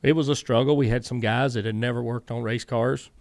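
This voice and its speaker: A middle-aged man with a Southern US drawl tells a string of stories as an interview guest. He keeps quoting himself and others as he goes, in a rough, gravelly voice. The recording is dry and close, with no room sound. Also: medium pitch, steady tone, a little fast, a little mellow, no room sound. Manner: rambling anecdotes, quoting himself and others with many "I said". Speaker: guest, former racing crew chief. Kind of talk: casual storytelling interview.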